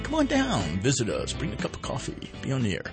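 A man's voice: mid-range voice, huge pitch swings, fast talker, over music. A man hosting a casual morning radio show from a studio, joking around and reading sponsor ads. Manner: jokey, rambling, reads sponsor ads. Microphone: studio microphone.

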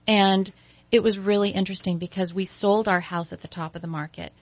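A woman in her forties, a guest event designer, chatting in an interview and telling lively stories. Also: mid-range voice, brisk. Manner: animated storyteller, acts out quoted voices. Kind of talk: casual interview chat.

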